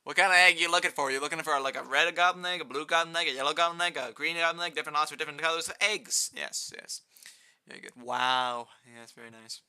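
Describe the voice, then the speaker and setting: A young man chatting casually on a live gaming stream, rambling and answering chat, with a fairly high-pitched voice and keyboard clicks near his desk mic. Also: quick pace, smooth. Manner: rambling, answers chat, rising excited outbursts.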